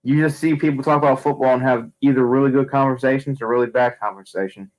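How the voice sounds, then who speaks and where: Young male streamer, casual opinion rant, rambling delivery full of fillers, mid-pitched voice. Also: fairly even intonation, fast talker, a little mellow, rough recording. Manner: rambling, frequent fillers and restarts. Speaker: wrestling streamer.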